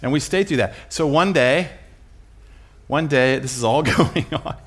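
A man's voice: mid-range voice, unhurried. A middle-aged man preaching, telling a family story with self-mocking humor and often breaking into laughter.

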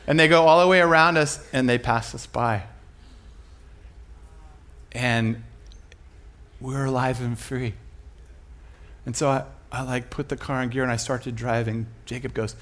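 A man's voice: medium pitch, fairly even intonation, moderate pace, pauses often, a bit bright, slight background noise. A middle-aged man preaching, telling a family story with self-mocking humor and often breaking into laughter.

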